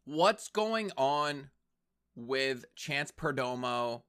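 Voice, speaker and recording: Talking back at the screen, a reaction commentator offers chatty, wisecracking remarks as he watches a show. His mid-range voice is expressive, a bit bright, and clean, and he speaks very slowly.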